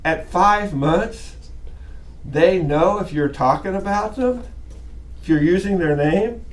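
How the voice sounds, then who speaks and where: A man's voice: sits high, takes it slowly, recorded from a distance. A man lecturing a college class in a chatty way, often acting out little voices as he teaches, recorded in a classroom.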